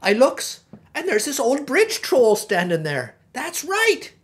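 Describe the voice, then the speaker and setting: A chirpy male farmhand with a lilting Irish accent rambles through a folksy comic tale, as a man puts him on. The voice sits high and bright for a grown fellow, all good-natured storytelling. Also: wildly swooping pitch, slow, exaggerated voice. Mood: cheerful. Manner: folksy, rambling yarn-spinner.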